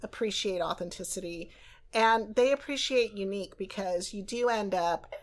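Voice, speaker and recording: A woman's voice: mid-range voice, normal speed. Reflective American woman host. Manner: reflective and conversational. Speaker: podcast host. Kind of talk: casual interview chat.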